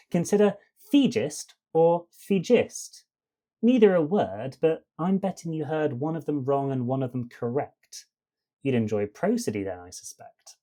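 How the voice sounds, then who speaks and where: A male podcast host delivers rhythmic spoken-word verse, riding a steady beat and landing his rhymes with emphatic stresses. His voice has a mellow, warm tone. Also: on the high side.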